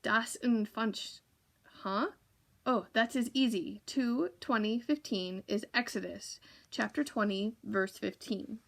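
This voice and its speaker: A boisterous old-world printer's ghost , as a woman reading aloud puts him on, booming in a thick German accent with a gravelly edge. He talks in eager broken English, pitched a bit higher than the reader's own voice. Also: slow pace, exaggerated voice. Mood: jovial. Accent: German, put on. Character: ghostly medieval German printer, hologram, man.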